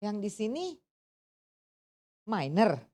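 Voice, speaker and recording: A woman's voice: medium pitch, slow pace. A woman teaching an English test class, switching between languages and firing questions at her students. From Indonesia. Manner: animated, asks the class questions, code-switching. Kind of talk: interactive lesson, mixing English and Indonesian.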